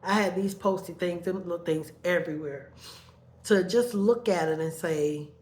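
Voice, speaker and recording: A middle-aged woman telling a painful personal story, halting and repeating her words as her emotions rise. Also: lowish voice, a little mellow.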